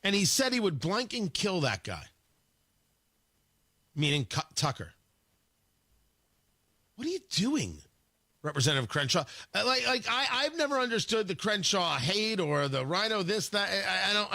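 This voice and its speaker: A man hosting talk radio, speaking in a combative, emphatic monologue. His voice sits high and swings widely in pitch, with a bright, forceful edge. The studio sound is dry and close. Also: no echo. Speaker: radio talk show host.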